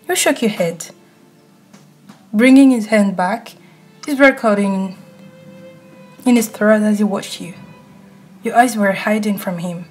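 A woman telling an intimate story straight to the listener, in a hushed, close voice, as whispered role-play. Her pitch sits in an ordinary middle register. Faint music plays softly behind her. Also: measured pace, pauses often, slightly rough. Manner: hushed, intimate second-person narration. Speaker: ASMR narrator.

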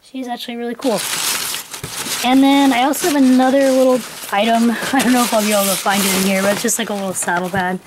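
A young woman with a slightly high voice gushes through an unboxing in her home filming corner. She talks in breathless bursts of excitement. Steady background noise runs under the recording. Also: fast talker. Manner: gushing, breathless exclamations. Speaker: toy collector vlogger.

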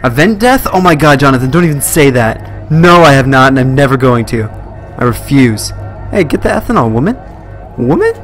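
A man's voice: mid-range voice, big pitch swings, normal speed, faint music behind. A young man commentating a live horror game stream, jumpy and swearing at scares. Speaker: let's play streamer.

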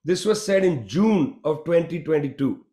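A man giving a prepared political talk at a meeting, measured and reading from notes with emphatic asides. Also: fairly high pitch, animated, mellow, echoey room. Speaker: guest speaker.

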